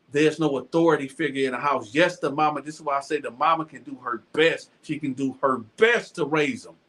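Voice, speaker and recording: Addressing his viewers, a high, bright-voiced man hosts his show with a casual, lively storytelling monologue. Stammering restarts and repeated lines for emphasis run all through his delivery.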